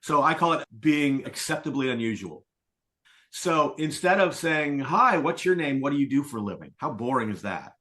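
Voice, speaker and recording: A middle-aged man speaking as a sales coach in a podcast interview, telling stories and acting out quoted lines with lively voices. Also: mid-range voice, moderate pace. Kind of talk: conversational interview.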